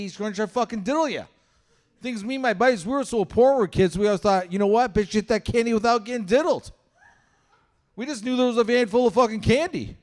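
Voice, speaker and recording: Young male stand-up from Canada, crude and chatty, a bit high-voiced, slips into character voices. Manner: crude, conversational, acts out voices in his stories. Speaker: stand-up comedian. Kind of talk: stand-up comedy set. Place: comedy show stage with live audience.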